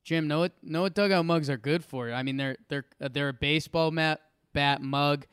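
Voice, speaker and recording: A man's voice: a little high, fairly even intonation, moderate pace, fairly bright tone, clean tone, no echo, studio quality. A man co-hosting a sports podcast, talking with enthusiasm and rambling through ad reads and stats. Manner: enthusiastic, rambling, repeats words. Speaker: podcast co-host. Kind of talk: casual sports podcast chat and ad read.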